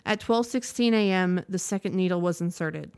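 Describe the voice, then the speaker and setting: A woman reads a news report aloud in a resonant, slightly low voice. Her delivery is measured and even, and she sometimes stops briefly to correct a word before carrying on. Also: clear, resonant tone. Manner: measured, steady reading with occasional self-corrections. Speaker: news reader.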